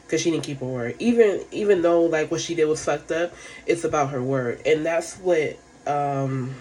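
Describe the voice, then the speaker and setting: A woman's voice: sits low, darkish tone, slight background noise. A woman giving a casual, rambling recap of a reality show, frank and profane, full of fillers.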